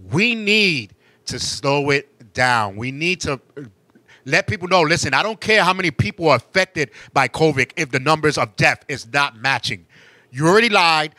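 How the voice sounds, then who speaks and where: A man's voice: sharp tone, dry recording. Emphatic man hosting a talk show. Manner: emphatic, rising to high-pitched outbursts. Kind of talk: impassioned monologue.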